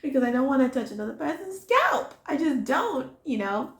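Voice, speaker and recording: A woman's voice: sits high, moderate pace. Chatty young woman telling a story. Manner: chatty, animated, lots of "like". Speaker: vlogger. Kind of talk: storytime vlog. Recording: roomy echo.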